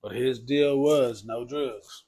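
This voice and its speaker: A man's voice: slow pace, warm tone. Casual man telling a life story. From Texas. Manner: conversational, peppers speech with "man" and "bro", drops low for quoted speech. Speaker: podcast guest.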